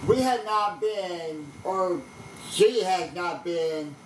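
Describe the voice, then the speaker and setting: A man's voice: high-pitched, expressive, slight background noise. A man breaking in with annoyed remarks beside the vlogger. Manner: slow, annoyed interjections. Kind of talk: casual reaction commentary. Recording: roomy, distant.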